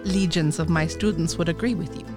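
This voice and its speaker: A woman voicing a gruff, strict male dance teacher with a mixed, put-on European accent, reading from a book on a podcast. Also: fairly low pitch, a little fast, over music, natural voice.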